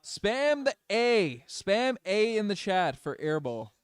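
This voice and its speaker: A young man runs fan play-by-play on a livestream, rattling off plays and bursting out loudly when things swing his team's way. His voice is smooth and a touch high. He sits close to a dry mic with no room sound. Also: big pitch swings, no echo. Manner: partisan, swings between rapid calls and loud outbursts. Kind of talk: excited fan play-by-play commentary.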